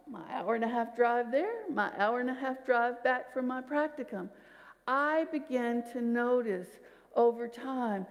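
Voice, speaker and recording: A woman's voice: fairly high pitch, in a large hall. A woman minister giving a sermon, telling personal stories and talking directly to her congregation. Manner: warm storytelling with audience asides. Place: church sanctuary.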